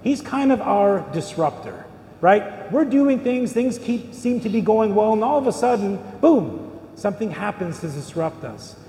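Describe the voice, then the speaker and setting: Middle-aged male priest, high-ish mellow voice, chatty sermon with lots of rhetorical questions, boomy church reverb. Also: very animated, a little slow, a little hiss or hum. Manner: conversational preaching with rhetorical questions. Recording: echoey church hall with long reverb.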